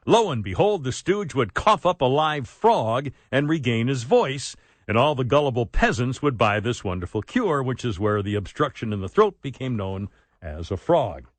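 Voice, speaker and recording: A man's voice: medium pitch, sing-song, moderate pace, dry recording. A man hosting a talk radio show, wisecracking and laughing at his own jokes, with a frog in his throat. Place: radio studio. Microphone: studio microphone.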